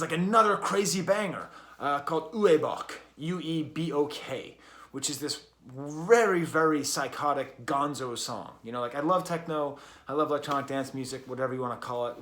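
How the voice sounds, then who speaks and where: A man's voice: a little high, moderate pace, fairly bright tone. A man reviewing an album in a casual, rambling way, with many fillers and restarts. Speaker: music reviewer.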